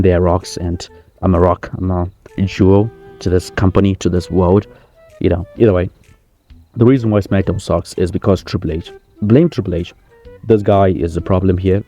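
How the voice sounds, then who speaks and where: Man as a swaggering wrestler at a mock presser, deep and warm, rambling self-praise. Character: boastful male wrestling-star impression holding a press conference. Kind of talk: comedy sketch.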